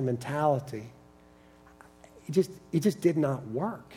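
A middle-aged man preaching a sermon, telling personal stories with animated quoted dialogue in an earnest manner. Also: fairly high pitch, normal speed, breathy edge. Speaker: preacher teaching on repentance.

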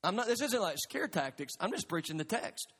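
A pastor preaches from the pulpit in a high, ringing voice. He is earnest and emphatic and presses the congregation with questions. His words carry a long reverb through the large sanctuary. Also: big pitch swings, fairly quick, a bit bright. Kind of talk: sermon. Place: church sanctuary.

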